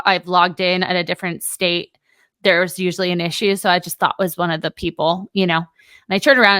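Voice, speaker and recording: A woman co-hosting a podcast, telling a story in a lively, casual way and acting out both sides of an argument. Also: on the low side, clean tone, no room sound. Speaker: podcast co-host.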